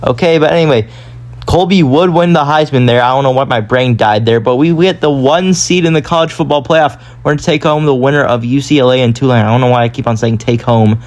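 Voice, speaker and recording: A man's voice: mid-range voice, a little fast. Guy chatting over a football sim, keeps correcting himself, loose rambly delivery. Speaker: gaming YouTuber. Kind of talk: casual gameplay commentary.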